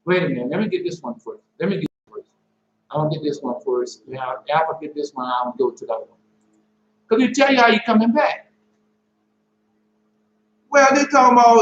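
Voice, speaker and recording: Male preacher, high voice, excitable and slangy, dull echoey lo-fi recording. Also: moderate pace, long pauses, a little hiss or hum. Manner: excitable, preachy, slangy, keeps saying "man" and "boy". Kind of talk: informal sermon and Bible teaching. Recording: echoey room, dull lo-fi sound.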